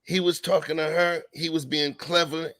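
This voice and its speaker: A man's voice: on the high side, little pitch movement, moderate pace, fairly bright tone. A man co-hosting a talk show, giving emphatic, slangy commentary in a casual chat. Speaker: podcast co-host.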